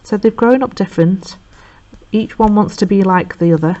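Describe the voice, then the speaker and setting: A woman's voice: medium pitch, warm tone. A woman teacher, chattily retelling a play for revision and acting out the characters' lines. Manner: chatty, acts out characters' lines in quick voices. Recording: dull lo-fi sound.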